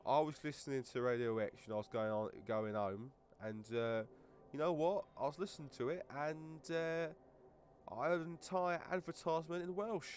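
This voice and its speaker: A man's voice: on the high side, moderate pace, a little hiss or hum. A man co-hosting a podcast, telling rambling stories full of crude jokes in casual chat. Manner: rambling, crude jokey storytelling. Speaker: podcast co-host.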